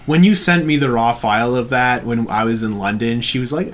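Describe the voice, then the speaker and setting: A man's voice: mid-range voice, lively intonation, normal speed, hardly any pauses. A laid-back Canadian man co-hosting a casual chat about music, often agreeing with short replies. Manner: laid-back, frequent agreeing "yep" and "mm-hmm". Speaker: podcast co-host.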